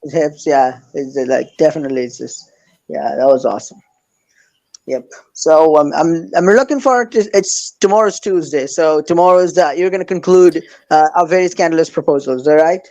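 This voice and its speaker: Hesitant, eager man with a higher voice. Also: moderate pace, darkish tone, low-quality recording. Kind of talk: casual chat.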